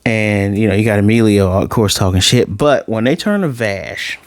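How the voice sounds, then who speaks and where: A man walks through an anime episode in a loose, chatty review, with a voice that sits a little low. He retells scenes in an animated way, leaning on "like" and stumbling into restarts. The sound is dry and close, with no room around it. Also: moderate pace, no room sound.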